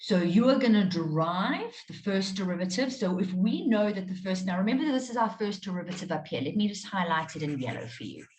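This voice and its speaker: A woman's voice: mid-range voice, sing-song, a little fast, hardly any pauses, darkish tone, slight background noise. Patient woman teaching maths in a roomy space. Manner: patient, checks in with students often. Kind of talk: live online maths lesson. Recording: roomy echo.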